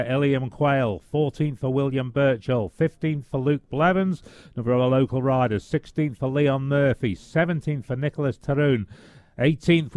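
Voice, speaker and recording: Fast-reading radio co-commentator, mid-pitched. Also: male voice, a little mellow, no room sound. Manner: fast, reels off finishers and notices.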